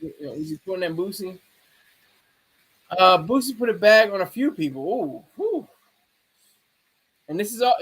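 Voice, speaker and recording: A man giving casual livestream commentary, rambling, restarting sentences and talking back to his chat. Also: high voice. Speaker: streamer.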